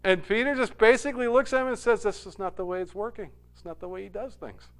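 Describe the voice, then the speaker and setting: A man preaching a sermon, animated, dropping to a hush and rising loud when he acts out quoted lines. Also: sits high, fast. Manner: animated, swings from hushed to loud when quoting. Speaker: pastor.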